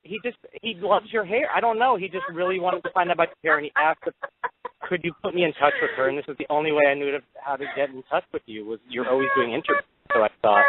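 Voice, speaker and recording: A playful man calls in and teases in a bouncy, high, lively voice. He stumbles and repeats himself as he jokes, and the call is a tinny phone line with loud chatter behind it. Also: fast. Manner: playful, teasing, stammering. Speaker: caller, actor.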